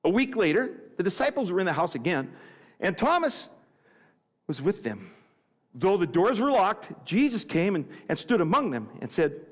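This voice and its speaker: High-voiced pastor preaching in an echoey hall. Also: male voice, fairly quick. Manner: animated storytelling, stammering repeats of words. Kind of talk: sermon.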